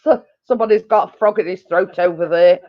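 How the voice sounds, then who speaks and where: A woman's voice: lowish voice, brisk. A middle-aged woman hosts a casual live-stream chat from home, rambling along with lots of fillers and giggles. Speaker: channel host on a live stream. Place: living room at home. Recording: dull lo-fi home recording.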